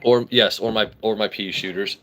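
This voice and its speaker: A man's voice: on the low side, fairly even intonation, normal speed, fairly bright tone. A man hosting a casual live stream, reading comments aloud, joking brashly and swearing freely. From United States. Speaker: livestream host.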